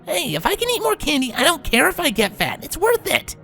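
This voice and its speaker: A small young dragon boy, whiny and eager, pitched far above a grown voice as a woman acts him out. His voice leaps up and down. He whines and pleads in a high, squeaky tone. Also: wildly swooping pitch, brisk, vocal fry, pushed and bright, faint music behind, exaggerated voice. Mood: pleading. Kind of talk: fan fiction reading.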